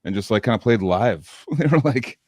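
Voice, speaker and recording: A man hosting a podcast, chatting casually in an excitable, rambling way and laughing often. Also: mid-range voice, moderate pace, no echo, studio quality. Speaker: podcast host. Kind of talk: casual chat.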